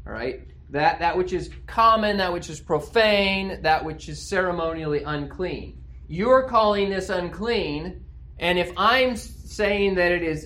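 A man's voice: high voice, a bit bright. A male pastor preaching an expository sermon in a conversational way, often checking in with his listeners through rhetorical questions.

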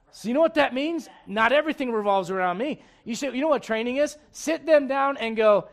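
A man preaching a sermon in church, animated and digressive, with frequent asides to the congregation. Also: extremely high pitch, brisk. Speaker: pastor. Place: church sanctuary.

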